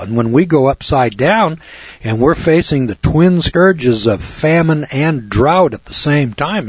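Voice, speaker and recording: Blunt radio preacher, male, mid-pitched and husky, folksy talk to listeners; lo-fi sound. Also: a little mellow, no room sound. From United States. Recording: dull lo-fi dry recording.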